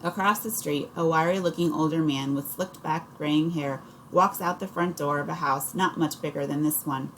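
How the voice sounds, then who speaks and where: Low-voiced woman narrating an audiobook. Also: steady tone, normal speed, hardly any pauses, fairly bright tone, a little hiss or hum, rough recording. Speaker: audiobook reader. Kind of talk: first-person audiobook narration.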